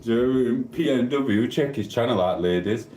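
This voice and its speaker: A man's voice: mid-range voice, measured pace, dark tone, echoey room, slight background noise. A man with a South Yorkshire accent hosting a casual live stream, playfully teasing viewers and reading their chat comments aloud. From Sheffield, England. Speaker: livestream host.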